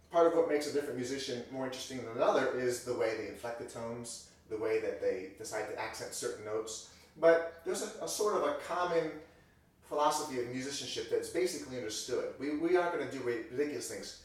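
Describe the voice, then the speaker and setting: A man's voice: mid-range voice, expressive, brisk. Man teaching piano in an echoey room. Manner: conversational, self-correcting, acts out example sentences. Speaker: music teacher. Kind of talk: piano lesson explanation. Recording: very echoey room, voice distant from mic.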